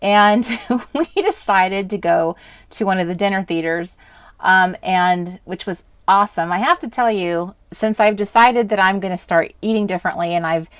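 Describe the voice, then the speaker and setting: A woman's voice: medium pitch, normal speed, smooth, no echo. Chatty woman who laughs often, dry sound. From US West Coast. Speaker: crafting live stream host. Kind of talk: casual live stream chat. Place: indoors at a home craft desk. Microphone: desk webcam setup.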